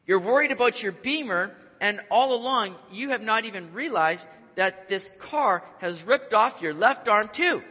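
A man voicing a blunt male police officer who scolds in a low, dry way. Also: animated, unhurried, few pauses, bright, forceful tone, exaggerated voice. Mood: scolding. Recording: long hall reverb.

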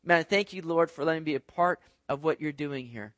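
A man preaching who voices a joyful, eager biblical man, full of faith, exclaiming excitedly. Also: fairly high pitch, fairly quick, dry recording, clean studio sound, close to an everyday voice. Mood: overjoyed.

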